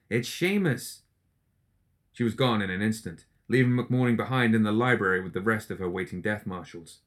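Low voiced guy reading a dark fantasy audiobook, steady and even. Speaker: audiobook narrator. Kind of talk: scripted fiction narration.

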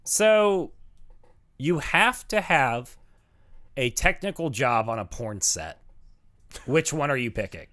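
A man's voice: medium pitch, lively intonation, slow pace, long pauses, a bit bright. A young man co-hosting a casual film podcast, joking around and laughing often. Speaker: podcast co-host.

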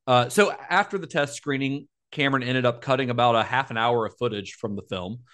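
A man's voice: mid-range voice, fairly quick, fairly bright tone. A man co-hosting a podcast, retelling film history in a casual, informative way with asides. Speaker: podcast co-host.

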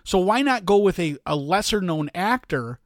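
A middle-aged man chatting casually as a podcast co-host, rambling and restarting, quick to laugh. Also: high voice, animated, dry recording, studio quality. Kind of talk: casual chat.

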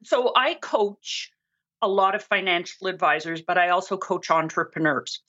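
A woman talks through a personal story in an earnest, chatty way, slipping into the voices of the people she quotes. Her voice sits on the low side, and the recording sounds muffled and dull. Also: lively intonation, moderate pace, bright, forceful tone. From Canada. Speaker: guest, financial coach. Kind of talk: conversational storytelling. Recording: muffled lo-fi audio.

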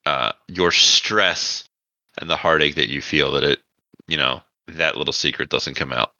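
A man running a tabletop role-playing game as game master, narrating in a relaxed, halting way with many fillers. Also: a bass voice, no room sound, rough recording.

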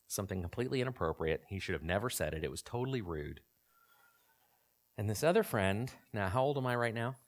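Conversational man in his forties preaching. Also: fairly low pitch. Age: 40s. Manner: conversational, asks the audience questions. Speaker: pastor. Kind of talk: sermon.

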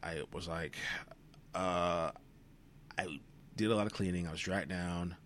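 A man's voice: low voice, fairly even intonation, a little slow, fairly bright tone, a little hiss or hum. A worn-out young man hosting a solo podcast, rambling wearily and swearing freely, sometimes dropping to a whisper. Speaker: podcast host. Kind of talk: solo reflective monologue.

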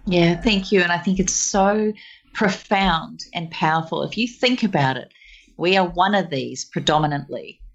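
A woman speaking as a guest, telling everyday stories in an animated, expressive way. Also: fairly low pitch, normal speed, gravelly, dull audio, slight background noise. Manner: animated, expressive storyteller who slips into voices. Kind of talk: casual conversational storytelling.

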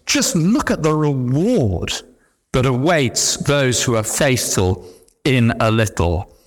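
A man's voice: mid-range voice, sing-song, takes it slowly. A middle-aged man preaching a sermon, emphatic, with repeated refrains. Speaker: pastor.

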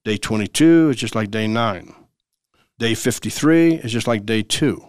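A man's voice: fairly low pitch, lively intonation, a little slow, dry recording, studio quality. A man, a lawyer hosting a legal radio show, giving conversational legal advice in an emphatic, repetitive way, sometimes acting out everyday dialogues.

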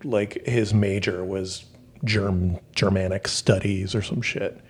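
A man's voice: low voice, fairly even intonation, slow, breathy edge. A man co-hosting a podcast in casual chat, talkative and full of fillers. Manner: chatty, with many fillers. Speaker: podcast co-host.

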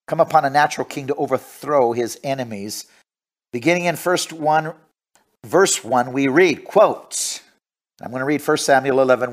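Guy preaching a radio sermon, goes quiet then gets loud and fiery, reads scripture. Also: medium pitch. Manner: swings from hushed asides to loud, fervent preaching.

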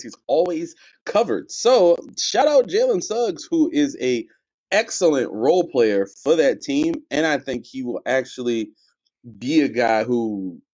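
A man's voice: mid-range voice, a little mellow, dry recording, dull audio. Man chatting casually about basketball. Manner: joking, teasing, asks the others questions. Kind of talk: casual sports chat.

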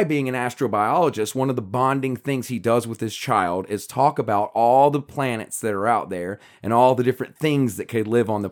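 A man co-hosting a podcast, explaining a book's ideas in a rambling casual chat with many fillers and restarts. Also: mid-range voice. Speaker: podcast co-host.

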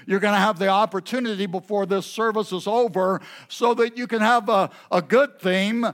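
A man preaching a sermon at an evening church service, halting often with filler pauses. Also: sits high, fairly even intonation, fairly bright tone. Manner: unhurried, halting delivery with many filler pauses. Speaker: pastor.

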